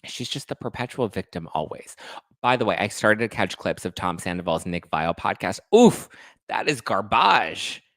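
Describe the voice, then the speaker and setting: A male host chats casually in a gossipy, animated way. His voice sits fairly low but swings widely in pitch. The recording is dry, with no room echo. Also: moderate pace. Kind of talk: casual chat.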